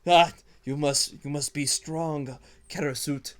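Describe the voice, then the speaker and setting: A man's voice: fairly high pitch, steady tone, slow pace, a bit bright. A man voicing a jittery little male kobold lizard-man who frets, pleads and barks orders. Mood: fretful. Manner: fretful, pleading, bossy.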